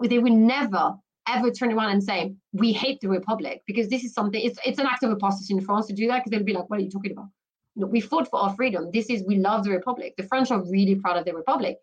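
A woman's voice: on the high side, lo-fi sound. A woman talking as a guest on a podcast interview, emphatic and full of restarts and "you know" fillers. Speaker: guest commentator.

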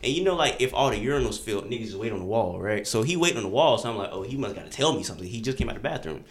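A man's voice: on the low side, lively intonation, rapid-fire. A young man co-hosting a podcast, telling a story in casual chat and acting out the quotes in shifting voices. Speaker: podcast co-host.

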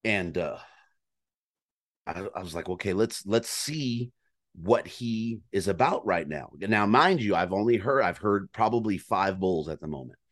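Casual storyteller: man, low pitch, animated delivery, swears freely, acts out the action. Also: measured pace. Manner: animated, profane, mimics elk calls. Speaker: guest storyteller on a hunting podcast.

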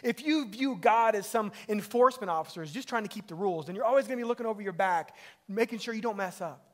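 A man's voice: high voice, fast. A middle-aged man, a pastor, preaching a sermon in a conversational way that rises to emphatic peaks.

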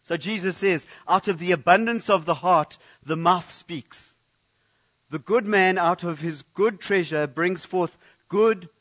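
High-voiced man preaching a sermon. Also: fairly bright tone. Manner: conversational preaching with frequent restarts and repeated words. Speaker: pastor. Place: church.

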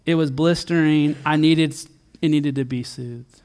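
A middle-aged man preaching a sermon in church, earnest, rising to emphatic peaks and then dropping soft and low. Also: fairly even intonation, measured pace, clean tone. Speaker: pastor.

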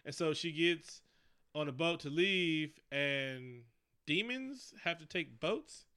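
A man recaps a film in loose, profane, jokey chat. His voice sits a bit high and comes through smooth and clear, with a bright, forward edge. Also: slow pace. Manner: animated, profane, jokey storytelling. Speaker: podcast co-host recapping a movie. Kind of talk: casual chat.

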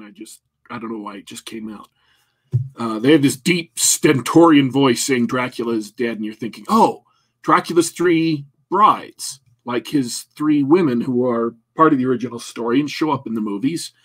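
A man co-hosting a casual talk show, rambling and joking with many restarts. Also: mid-range voice. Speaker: podcast co-host. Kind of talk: casual chat.

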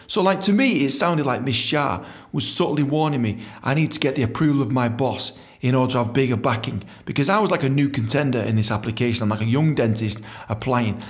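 A British man hosting a podcast, telling stories in a lively, profane, casual way and acting out the dialogue. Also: mid-range voice, brisk. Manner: animated, profane, acts out dialogue. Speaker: podcast host. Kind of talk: casual storytelling.

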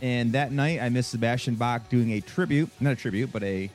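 A man's voice: medium pitch, a little fast, a little mellow. A man co-hosting a podcast, rambling through a story in casual chat and laughing easily, with faint rock music playing behind him. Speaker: podcast co-host.

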